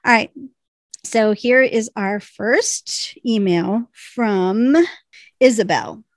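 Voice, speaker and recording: A woman's voice: medium pitch, very slow, dry recording. Chatty woman podcast co-host. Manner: chatty, reads letters with bursts of laughter. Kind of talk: casual chat, reading listener emails aloud.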